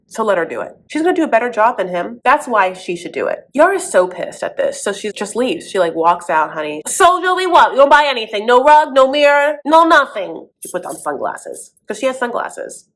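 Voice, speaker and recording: Sarcastic woman host, sassy recap commentary, mid-pitched, calls everyone honey. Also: big pitch swings, a little fast, hardly any pauses. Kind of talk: comedic commentary.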